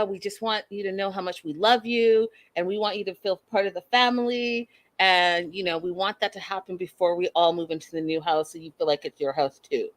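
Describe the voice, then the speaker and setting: A woman's voice: mid-range voice, no echo. A woman hosting a live recap of a reality show, talking bluntly and with sass, often acting out the people she discusses. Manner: blunt, sassy and animated, mocks and acts out the cast members. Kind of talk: live-stream recap commentary.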